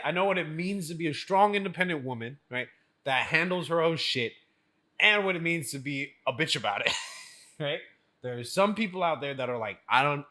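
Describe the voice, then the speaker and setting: A man co-hosting a casual podcast chat, animated and laughing often as he acts out what others say. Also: fairly high pitch. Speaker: podcast co-host.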